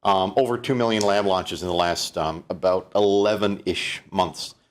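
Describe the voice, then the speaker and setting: A man's voice: low-pitched, steady tone, moderate pace, a little hiss or hum. A middle-aged man from Canada presenting a live-streamed keynote, chatty and loose, with frequent fillers and restarts. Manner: conversational, fillers, many restarts.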